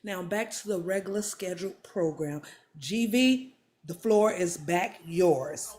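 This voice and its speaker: A woman co-hosting and moderating a live stream, announcing goals in a drawn-out, casual way. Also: fairly low pitch, a little mellow.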